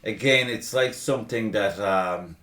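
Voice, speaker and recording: A man's voice: fairly low pitch, measured pace, bright, forceful tone. A man chatting casually as a podcast host, profane and self-mocking. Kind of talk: casual chat. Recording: roomy echo.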